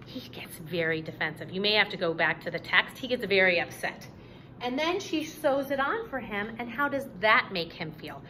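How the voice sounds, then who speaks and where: Lively, bright-voiced woman teaching. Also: on the high side, slight background noise, low-quality recording. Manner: slow, emphatic, encouraging teacher talk. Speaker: fourth grade teacher. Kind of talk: recorded online reading lesson.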